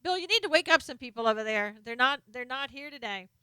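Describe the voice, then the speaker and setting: A woman's voice: sits high, expressive, fast, sharp tone, smooth, dry recording. A middle-aged woman hosting a casual live stream, chatting as she reads out viewers' names and comments, sometimes turned away from her desk mic. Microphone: desk microphone, sometimes off-axis.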